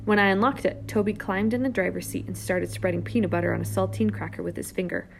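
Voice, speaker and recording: A woman reading a first-person children's novel aloud, lively and character-driven, with whispered asides. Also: mid-range voice, quick pace, gravelly, a little hiss or hum. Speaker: audiobook narrator. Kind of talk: first-person storybook narration.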